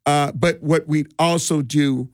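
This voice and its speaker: A middle-aged man who works as a DJ tells stories in a relaxed, rambling way during a casual interview, with frequent restarts and laughs. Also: fairly high pitch, measured pace, no room sound, studio quality. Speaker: DJ and community party organizer.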